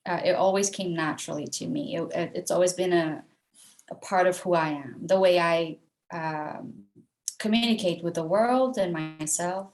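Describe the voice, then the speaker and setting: A woman's voice: on the low side, moderate pace. A woman on a video call reflecting thoughtfully on herself in a casual group chat.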